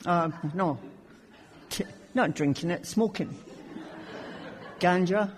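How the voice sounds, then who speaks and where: A woman's voice: lowish voice, slow, slight background noise. A woman from Scotland sharing her recovery story at a meeting, with wry, self-mocking humor. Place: large conference hall. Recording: long hall reverb.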